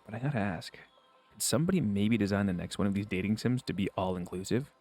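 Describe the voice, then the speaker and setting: A man's voice: on the low side, quick pace, a little mellow, soft background music. A man streaming, reading a visual novel aloud and joking with his viewers in crude asides.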